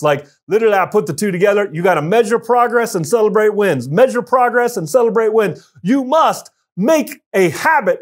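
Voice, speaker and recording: A man giving a motivational business talk straight to his viewers, energetic and emphatic, addressing them directly. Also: high-pitched. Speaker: business coach.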